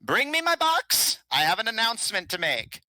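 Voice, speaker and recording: Frail old bandit king, as a game master puts him on: thin, reedy little voice pitched high, slow and deliberate, quick to irritation. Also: wildly swooping pitch, bright, forceful tone, dry recording, exaggerated voice, poor audio. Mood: proclaiming.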